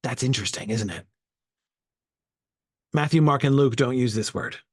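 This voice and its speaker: A man's voice: mid-range voice, moderate pace, husky, no room sound, studio quality. A man leading an informal Bible study, thinking aloud and sounding out Greek words as he goes.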